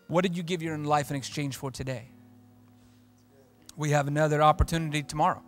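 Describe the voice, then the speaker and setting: A pastor preaching a sermon in church, emphatic and repetitive, swinging from loud declarations to hushed asides. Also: male voice, on the high side, vocal fry.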